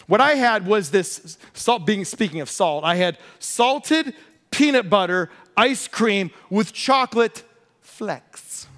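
Animated, high-voiced man preaching. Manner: animated storytelling with humor. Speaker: pastor. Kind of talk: sermon.

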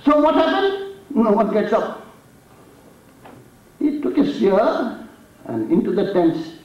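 This Indian-accented man preaches in a mosque hall with a high-pitched, darkish voice that is very animated yet slow. He narrates a story with drama and raises his voice at the challenges, captured on a distant mic that leaves the sound dull and echoey.

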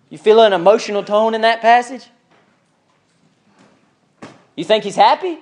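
High-voiced man teaching a Bible class. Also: quick pace, hardly any pauses, darkish tone. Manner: conversational, asks the class questions, reads scripture with emphasis.

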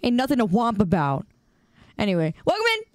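A woman's voice: medium pitch, sing-song, fairly quick, no echo, studio quality. A young woman streamer chatting with her viewers in a playful, teasing, mock-indignant way, on a streaming mic. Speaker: game streamer. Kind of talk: casual live-stream chat. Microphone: desk streaming mic with headphones.

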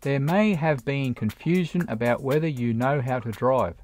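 A narrator giving a scripted grammar lesson for English learners, explaining each point slowly and deliberately with read-out examples. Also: mid-range voice, darkish tone, soft background music. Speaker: English teacher.

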